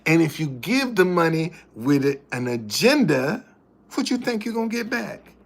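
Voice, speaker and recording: A man's voice: fairly high pitch, big pitch swings, normal speed. Emphatic preachy man livestreaming. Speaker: livestream host. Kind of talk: casual livestream commentary.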